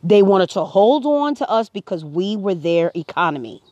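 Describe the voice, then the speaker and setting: A woman's voice: mid-range voice, very animated, normal speed, a little mellow, no room sound. A woman speaking to camera, earnest and preachy, her voice rising to emphatic peaks. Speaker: vlogger. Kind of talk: impassioned personal commentary.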